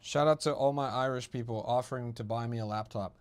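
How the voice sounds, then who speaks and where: A man's voice: mid-range voice, a little fast, clear, resonant tone. A young man hosting a crypto livestream, reading his chat aloud and mocking it with a profane, ranting manner.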